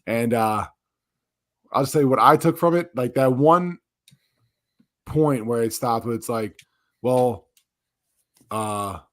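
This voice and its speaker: A man co-hosting a live podcast in relaxed, crude banter. He jokes around and swears freely. His pitch sits in a middle range for a man. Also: slow, long pauses. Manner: joking, crude, laughs a lot. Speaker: podcast co-host. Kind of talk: casual chat.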